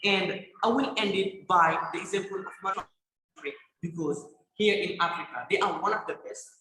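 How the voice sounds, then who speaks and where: A man's voice: high voice, moderate pace, bright, forceful tone, slight background noise. A teenage boy with a Senegalese accent giving a competitive debate speech over a video call, emphatic, firing rhetorical questions and stumbling over repeated words. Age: teens. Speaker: student debater. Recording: echoey room on a video call.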